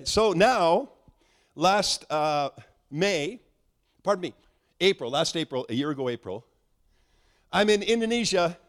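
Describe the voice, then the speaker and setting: A middle-aged man preaching a sermon, telling a story and acting out the dialogue, with frequent restarts. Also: a little high. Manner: animated, acts out dialogue, restarts often.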